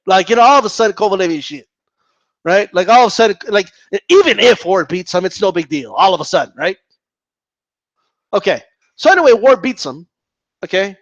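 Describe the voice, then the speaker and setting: A man rants at his viewers about boxing. He argues and mocks, and his high voice leaps all over the place. The recording is dry and a little muffled. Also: fairly quick, long pauses, no echo. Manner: animated, argumentative, mocks opponents in high voices. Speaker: boxing commentator. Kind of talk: casual ranting commentary.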